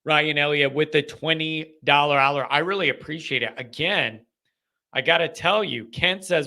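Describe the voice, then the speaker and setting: A young man hosting a live call-in fan show, ranting and joking in an animated way. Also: on the high side, normal speed.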